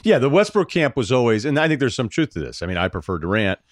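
A man appearing as a podcast guest, talking basketball in quick, animated stories packed with fillers. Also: mid-range voice, no echo, studio quality. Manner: rapid, animated storytelling with lots of fillers. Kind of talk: casual sports chat.

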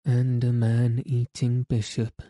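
A man's voice: medium pitch, completely flat delivery, slow pace, dark tone, dry recording, studio quality, lightly acted. A man voicing a courteous outlaw leader in an audiobook, speaking with mock solemnity. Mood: mock-grave. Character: grave, courteous male outlaw leader, gently mocking. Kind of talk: audiobook character reading.

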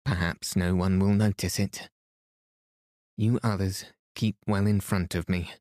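A man reading a children's story aloud as a calm bedtime read, soothing and even, lightly voicing the children. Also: low-pitched, measured pace, dry recording, clean studio sound. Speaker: podcast host and bedtime story reader.

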